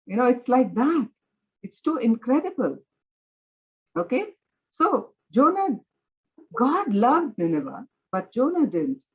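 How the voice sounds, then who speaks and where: A woman's voice: on the high side, sing-song, slow, long pauses, a little mellow, breathy edge, lo-fi sound. A woman teaching a Bible study in an earnest, conversational way, often using filler words as she explains. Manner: earnest, conversational, many "you know" fillers.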